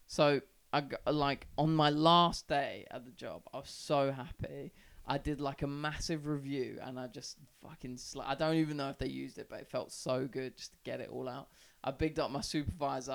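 A man's voice: medium pitch, fairly bright tone. A young man from South East London, a podcast guest, telling a rambling story in casual chat, swearing a lot and filling with "like". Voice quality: creaky. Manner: rambling, heavy swearing, lots of "like".

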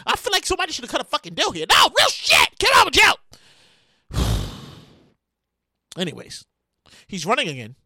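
A woman hosting a podcast, ranting loudly and comically with lots of profanity and shouting. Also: extremely high pitch, moderate pace, long pauses, no room sound, studio quality. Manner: loud, animated, profane ranting with frequent shouting. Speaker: podcast host. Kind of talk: comedic current-events rant.

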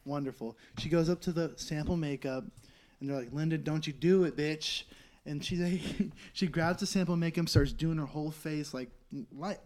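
Animated, profane young man storyteller. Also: on the high side, normal speed. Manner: profane, animated storytelling with loud shouted quotes. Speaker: comedian guest. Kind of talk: casual podcast storytelling.

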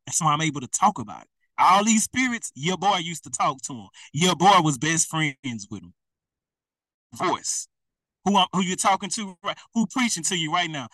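Young preacher guy, high bright voice, chatty and laughing, sounds a bit far off. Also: dry recording. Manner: lively, conversational, laughs often. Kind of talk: sermon.

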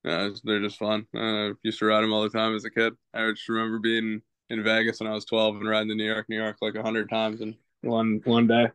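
A man's voice: on the low side, monotone, fairly quick, hardly any pauses, fairly bright tone, clean tone, no echo. A young man from the West Coast, a baseball player guest, laid-back and hesitant with lots of "uh" and laughs. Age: young adult. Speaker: college baseball pitcher, guest. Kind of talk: casual interview.

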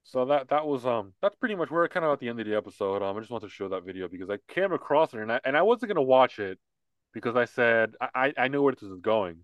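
A man's voice: medium pitch, expressive, quick pace, clean tone, dry recording. A man co-hosting a casual political podcast, talking in a heated, repetitive rant. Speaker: podcast co-host.

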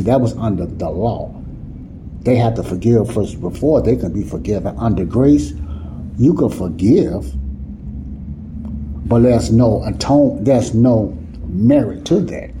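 Man, Bible teacher, informal sermon, repeats "you see?", warm dark tone, slight hiss. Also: on the low side. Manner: repetitive, asks "you see what I'm saying?"; informal, nonstandard grammar.

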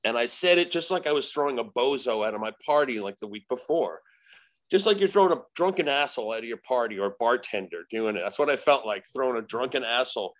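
A man telling a story as a podcast guest, animated and profane, acting out the voices in it. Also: mid-range voice, fast, low-quality recording. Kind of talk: casual storytelling.

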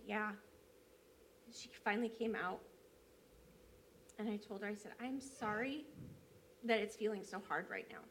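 A fairly high-voiced woman preaches as a church elder. She tells her story in an easy, conversational way, with plenty of ums and small restarts. A faint hum of room noise sits under her voice. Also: fairly bright tone. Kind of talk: sermon.

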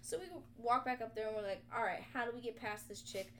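A young woman co-hosting a podcast, retelling a video game in casual, animated chat full of swearing. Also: on the high side, fast, slight background noise. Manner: animated, profane storytelling. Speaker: podcast co-host.

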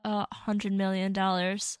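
A young woman co-hosting a podcast in casual chat, giggly and quick to react. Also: medium pitch, monotone, clean tone, dry recording, studio quality. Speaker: podcast co-host.

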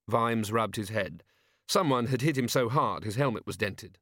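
A man reading an audiobook in calm, measured narration with dry humor. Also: lowish voice, no echo. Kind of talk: scripted narration.

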